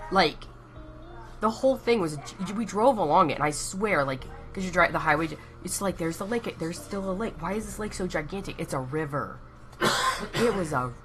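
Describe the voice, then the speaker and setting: A woman's voice: on the low side, a bit bright. A young Texan woman chatting casually and rambling on a live stream, laughing at herself as she goes. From Texas.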